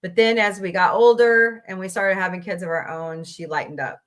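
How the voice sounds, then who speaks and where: A woman's voice: on the low side, steady tone, normal speed, a bit bright. A middle-aged woman from the Midwest, hosting a casual chat show and rambling through stories with frequent laughs. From American Midwest. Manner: chatty, rambling, laughs often. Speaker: podcast host.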